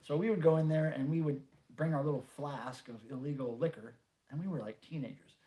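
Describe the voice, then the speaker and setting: Casual livestream host, middle-aged man, banters and reads chat, slightly raised pitch. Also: steady tone, brisk, warm tone. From North Carolina, USA. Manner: chatty, jokey, reads viewer comments aloud. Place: home room.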